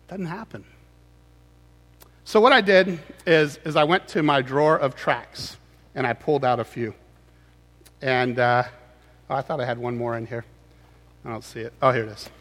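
A man preaching a humorous sermon in a conversational, teasing way with animated asides. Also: medium pitch, moderate pace, long pauses, in a large hall.

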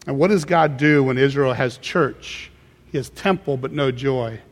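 A man's voice: mid-range voice, a little slow. A male pastor preaching a sermon with emphatic, repeated phrases. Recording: reverberant hall sound.

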